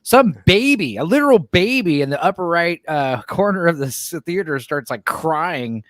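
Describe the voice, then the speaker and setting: A man chatting casually about films, telling stories excitedly, acting out other people's voices and often saying "dude" and "like". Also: fairly high pitch, moderate pace, no room sound, clean studio sound. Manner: excited storyteller, acts out voices, says "dude" and "like". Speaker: guest. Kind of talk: casual film chat.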